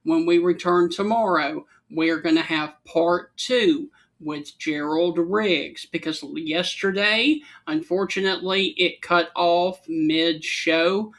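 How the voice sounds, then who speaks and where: A man's voice: a little high, slow, few pauses, a bit bright. Male host wrapping up the show. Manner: brief backchannel, then smooth scripted wrap-up. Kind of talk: casual chat and show sign-off.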